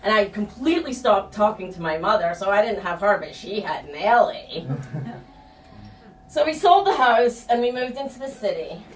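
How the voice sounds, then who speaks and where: Her mid-range voice moves at normal speed with lively intonation as this middle-aged woman tells a frank, profane personal story to a live audience, laughing at herself along the way. The sound is echoey, with a distant mic and faint ambience.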